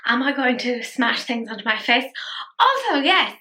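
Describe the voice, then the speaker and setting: A woman's voice: a little high, big pitch swings, moderate pace, bright, forceful tone. A tired woman chatting playfully through a casual makeup tutorial, poking fun at herself. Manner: chatty, playful, self-mocking. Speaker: beauty vlogger.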